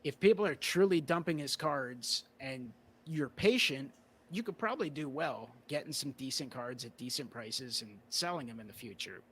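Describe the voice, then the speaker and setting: A male card-collector guest in a casual conversation, relaxed and rambling with plenty of "you know" fillers. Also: mid-range voice, normal speed, slightly rough.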